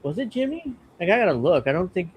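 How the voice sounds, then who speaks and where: A man's voice: high voice, sing-song, fast talker, dull audio, a little hiss or hum. A man co-hosting a casual political chat show, chatty and wry with some hesitation. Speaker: co-host.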